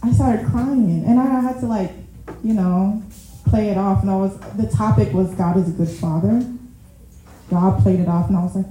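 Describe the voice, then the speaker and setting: At normal speed, this preacher's medium-pitched, dark voice carries a chatty, laid-back sermon where she says y'all and laughs at herself a lot. The recording is very echoey, with a little hiss or hum.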